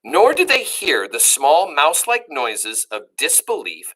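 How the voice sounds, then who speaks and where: A woman reading a children's book aloud, pausing to explain words to young listeners. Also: sits low, sing-song, fairly bright tone.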